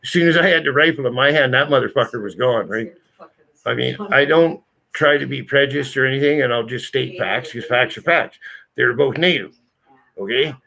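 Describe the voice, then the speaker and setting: A man's voice: medium pitch, fairly quick, gravelly, sharp tone. A man telling a story to friends in a blunt, profane, emphatic way. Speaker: channel host telling a story. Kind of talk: casual storytelling.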